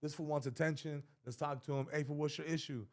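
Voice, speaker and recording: A man's voice: on the high side, quick pace. A male comedian telling stories in casual podcast chat, acting out the quotes with lots of swearing. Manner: animated storyteller who acts out quotes, swears freely. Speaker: comedian guest.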